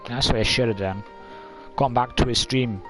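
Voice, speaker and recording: A man's voice: medium pitch, fairly even intonation, moderate pace, rough recording. A man, chatting casually on a live stream in a rambling, blunt way, swearing freely and calling listeners "mate". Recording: talk over clear background music.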